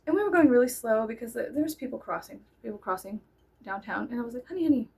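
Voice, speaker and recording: High gravelly woman, kinda husky, telling a wild story all animated. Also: fast talker. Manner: animated, bursts into loud laughing shouts. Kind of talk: casual storytelling.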